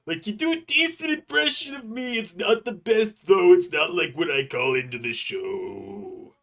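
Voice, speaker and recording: A man doing a teasing older caller, high and pushy. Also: very animated, moderate pace, vocal fry, a bit bright, heavily acted. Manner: mocking, needling.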